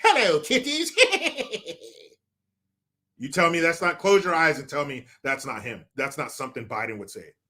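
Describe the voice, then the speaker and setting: A man's voice: mid-range voice, lively intonation, fairly quick, hardly any pauses, bright, forceful tone. A man reading viewer comments on a live stream, joking, swearing and mock-outraged.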